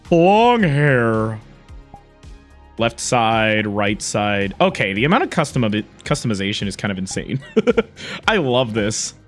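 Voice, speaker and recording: A livestreamer chatting casually to viewers, excitable and quick to laugh, swearing casually. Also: medium pitch.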